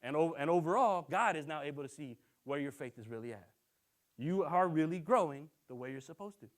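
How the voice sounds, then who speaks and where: A young man preaching a sermon as a minister, telling a personal story in an animated way, acting out the people he quotes and tagging lines with "right?". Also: a little high, fairly quick.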